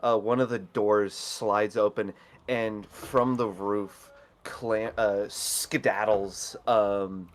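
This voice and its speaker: A man narrating a scene in a tabletop role-play game, halting with many fillers. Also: lowish voice, fairly even intonation. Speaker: player.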